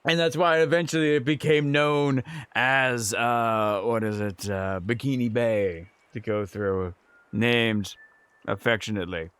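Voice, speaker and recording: A young man streaming, telling a funny story in casual chat, animated and laughing often. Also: mid-range voice, unhurried, smooth, no echo. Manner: animated, laughs often, acts out quoted voices.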